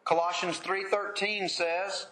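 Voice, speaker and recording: High-pitched guy preaching, unhurried and earnest, lots of room echo. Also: little pitch movement, bright, forceful tone. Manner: earnest, measured preaching with pauses. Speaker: preacher leading a Bible study. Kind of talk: sermon.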